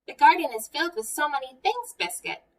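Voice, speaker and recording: A cheerful young girl, read by a woman, speaks gently and coaxingly, slow and bright like a picture-book reading. The voice is fairly high and sits a little away from the microphone. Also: big pitch swings, distant mic.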